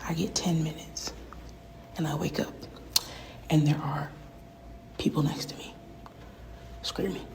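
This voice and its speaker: Gravelly low-voiced woman ranting, profane. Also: steady tone, a little slow, pauses often, a little mellow, rough recording. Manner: profane, rambling, often sinks to a whisper. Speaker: rapper. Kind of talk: casual rant on a livestream.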